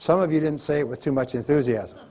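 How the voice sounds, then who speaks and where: A man's voice: on the high side, fast, dark tone. A man giving a motivational seminar lecture to a live audience, emphatic and repetitive as he coaches them. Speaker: motivational speaker.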